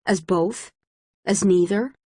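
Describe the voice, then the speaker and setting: A woman reading the part of a cold, calculating woman leader who speaks in a flat, factual way, in a dry recording. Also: mid-range voice, takes it slowly, slightly rough, no room sound. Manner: flat, factual, clipped delivery.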